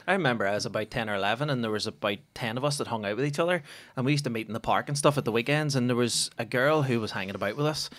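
A man with a Lurgan accent from Northern Ireland, telling a story on a podcast and mimicking the voices in it. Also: mid-range voice. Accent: Northern Irish, Lurgan. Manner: quick, lively, mimics voices in his stories. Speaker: comedian guest. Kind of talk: casual storytelling. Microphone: studio podcast mic.

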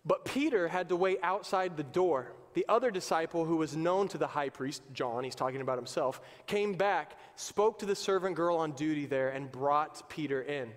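A man's voice: a little high, normal speed, hardly any pauses. A male pastor preaching a sermon in an emphatic, conversational way, in a church sanctuary. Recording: long reverb of a church hall.

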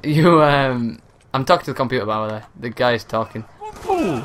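Young gamer, hushed late-night commentary with a mid-pitched voice, noisy game audio. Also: male voice, animated, moderate pace. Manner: kept quiet and low, swearing at other players. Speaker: gaming commentator. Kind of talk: live gameplay commentary. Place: at home at night. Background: gunfire from the game.

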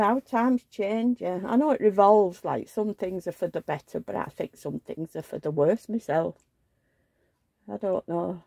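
A woman's voice: mid-range voice, vocal fry, mellow, no echo, clean studio sound. An older woman, telling rambling, chatty stories on her vlog. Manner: rambling, chatty storytelling with asides. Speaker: vlogger. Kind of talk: casual chat.

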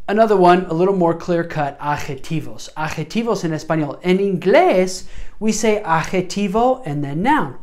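A woman's voice: low-pitched, a little mellow. A woman teaching medical Spanish word order, mixing Spanish words into her English and often checking in with "okay?".

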